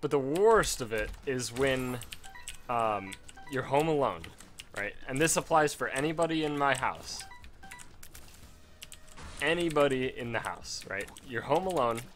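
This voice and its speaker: Bright-voiced man ranting over gameplay. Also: mid-range voice, lively intonation, a little slow, long pauses, faint music behind. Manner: rambling, profane storytelling rant. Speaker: let's play gamer. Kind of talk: casual gameplay commentary. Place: home.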